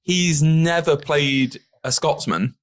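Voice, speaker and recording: A man's voice: a little high, takes it slowly. A man hosting a podcast in casual chat, laughing often and swearing freely. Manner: laughing, lively and profane. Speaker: podcast host.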